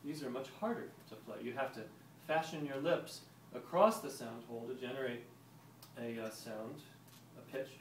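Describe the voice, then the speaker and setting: A man's voice: medium pitch, normal speed. A man giving a live talk and demonstration to a group of visitors, explaining in a chatty way and quizzing the audience. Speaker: historical music presenter. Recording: roomy, distant mic, ambient noise.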